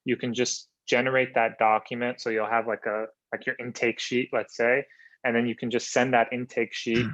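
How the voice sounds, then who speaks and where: A hesitant man chimes in on a video call, stopping and restarting his sentences. His voice stays flat and level. The audio is dull and muffled but dry. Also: medium pitch, moderate pace, dry recording. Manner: hesitant, many fillers and restarts. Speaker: attendee lawyer.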